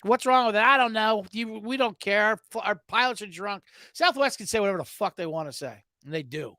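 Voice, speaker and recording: Sarcastic ranting man, bright animated voice. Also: high-pitched, fairly quick, no room sound, clean studio sound. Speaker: sports betting podcast host. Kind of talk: sarcastic sports betting rant.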